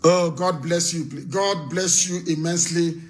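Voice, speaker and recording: A man hosting a live call-in broadcast, speaking in an impassioned, rousing way that often swells into shouting. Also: fairly high pitch, fairly even intonation, a little slow. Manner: impassioned, rousing, scornful, raises his voice to shouts. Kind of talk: fiery live address and call-in.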